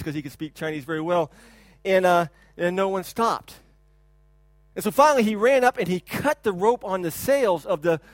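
High-voiced earnest male pastor. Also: no room sound. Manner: earnest storytelling, quiet and reflective at the end. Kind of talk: sermon.

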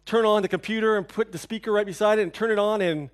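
Man, pastor, sermon, animated storyteller, slightly higher voice, swings between excited and hushed. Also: fast.

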